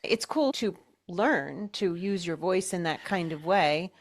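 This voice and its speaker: Middle-aged woman, podcast co-host, supportive, short encouraging replies, somewhat low voice. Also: measured pace. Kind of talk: casual chat.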